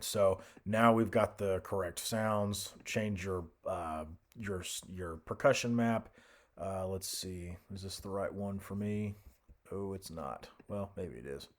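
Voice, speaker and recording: A young man casually talking through a music software tutorial, thinking aloud with fillers and restarts. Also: deep voice. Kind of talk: screen-recorded software tutorial.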